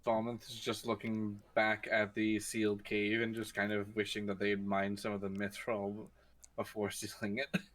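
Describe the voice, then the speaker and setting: A man playing a tabletop game, speaking calmly and measuredly. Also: lowish voice, normal speed. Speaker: player.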